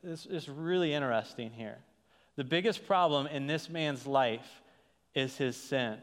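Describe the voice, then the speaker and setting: A man's voice: mid-range voice, unhurried. A man preaching a sermon as a pastor, talking in a conversational way with frequent restarts and rhetorical "right?" checks. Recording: long hall reverb.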